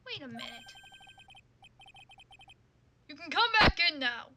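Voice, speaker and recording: A woman voicing a composed young female defense attorney who asks measured, quiet questions. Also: sits high, big pitch swings, very noisy, exaggerated voice. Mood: probing.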